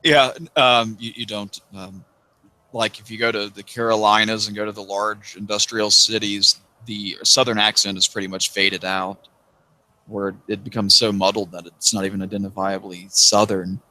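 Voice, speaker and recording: A man from the American South talks on a livestream, his voice bright and forward. He tells long, wry stories and swears freely as he goes. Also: on the low side, little pitch movement, normal speed. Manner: wry, rambling storyteller who swears freely. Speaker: interviewee, YouTuber. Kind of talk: casual chat on a livestream.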